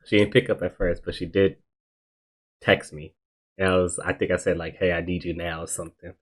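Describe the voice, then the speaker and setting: Casting: young male podcast host, deep low voice, laid-back slangy storyteller who laughs easily. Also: steady tone, a little fast, husky. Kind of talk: casual storytelling.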